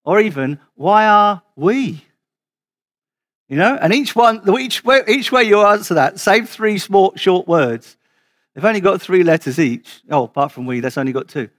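A man preaching to his church over a video call, repeating and restarting words and slowing down to stress key questions. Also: high voice, lively intonation, fairly bright tone. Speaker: pastor.

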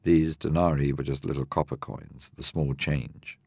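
Deep gravelly man explaining scripture. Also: level tone, darkish tone, dry recording, studio quality. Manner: measured, explanatory, reads scripture aloud. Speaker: Bible teacher. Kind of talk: radio Bible discussion.

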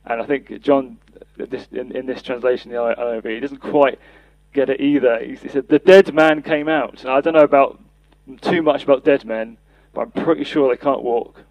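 A man's voice: mid-range voice, steady tone, normal speed, hardly any pauses, no room sound, lo-fi sound. A man preaching a sermon, earnest, reading and acting out scripture quotes for a podcast. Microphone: podcast mic.

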